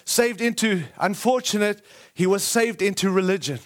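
A man's voice: sits high, normal speed. A man preaching a sermon, telling a family story with acted quotes, frequent asides and self-corrections.

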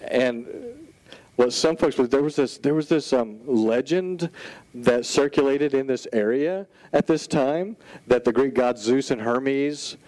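A man preaching a sermon in an animated, conversational storytelling style, full of casual asides. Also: medium pitch, takes it slowly, no room sound, poor audio. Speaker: pastor.

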